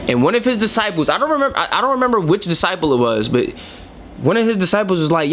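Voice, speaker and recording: Slangy New York man, fairly high voice. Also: sing-song, a little fast, fairly bright tone. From New York City. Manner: slangy, emphatic, preachy. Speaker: commentator reacting to clips. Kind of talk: casual opinion commentary.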